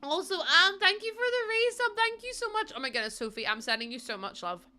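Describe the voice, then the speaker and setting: A woman's voice: very high-pitched, sing-song, brisk, sharp tone, soft background music. A young woman from the UK or Ireland chatting casually with livestream viewers in a rambling, exasperated way, with frequent ums.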